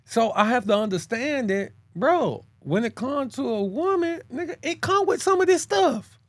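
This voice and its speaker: A man co-hosting a casual chat, talking in slang, calling his listener bro, and jumping up in pitch to press his points. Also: normal speed, dry recording. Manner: animated, swings his pitch high when making a point. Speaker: podcast co-host.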